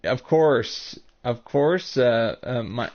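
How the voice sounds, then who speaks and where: An American man with a Northern US accent chats with his viewers during a live stream, his voice sitting at an ordinary middle pitch. He rambles and halts, circling back and restarting his sentences. The sound is dull and lo-fi, like a cheap stream mic. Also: lively intonation. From United States. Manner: rambling and halting, full of restarts.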